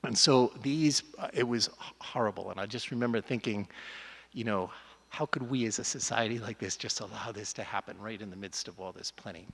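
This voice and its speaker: An older man, a doctor, speaks in an earnest and conversational way, pausing to restart his sentences. His voice sits fairly low. It rings with the long reverb of a large church. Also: gravelly, fairly bright tone. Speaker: doctor giving a talk. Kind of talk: reflective speech to a church audience.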